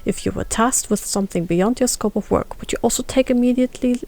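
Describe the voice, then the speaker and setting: A woman's voice: fairly high pitch, fast talker, darkish tone. A woman streamer, playfully reading game dialogue aloud as she plays and barking along for the dog. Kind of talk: reading game text aloud while playing.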